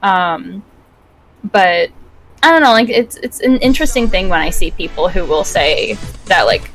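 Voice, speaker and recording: A woman co-hosting a casual podcast chat, talking in a chatty, animated way with many fillers. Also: lowish voice, normal speed, soft background music, rough recording. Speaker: podcast co-host.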